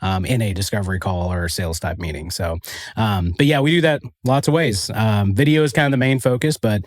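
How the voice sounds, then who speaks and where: Southern-accented man from Arkansas, podcast guest, earnest, steady, many ums, dry close sound. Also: on the low side, brisk, no room sound. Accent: Southern American. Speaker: podcast guest, studio owner. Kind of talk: casual interview chat.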